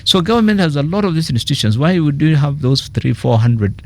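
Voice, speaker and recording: A man with a Kenyan accent, a political economist speaking as a radio interview guest, animated and telling stories with quoted asides. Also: fairly high pitch, fairly quick.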